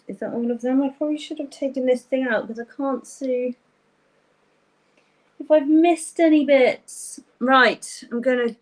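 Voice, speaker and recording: A woman's voice: a little high, low-quality recording. A woman hosting a live-streamed craft tutorial from her craft table at home, thinking aloud as she paints and often apologizing. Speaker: craft workshop host.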